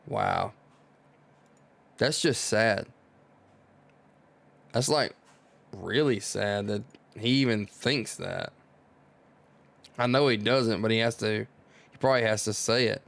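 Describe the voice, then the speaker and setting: A man streaming a live manga reading, reacting out loud with excitement and musing as he reads. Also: lowish voice, slow, vocal fry, long pauses. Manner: excitable, exclaims and muses aloud.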